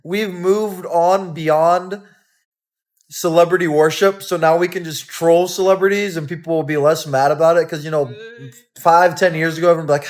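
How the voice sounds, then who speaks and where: A man's voice: on the high side, fairly even intonation, moderate pace. A man hosting a reaction channel, giving casual, sarcastic, mocking commentary.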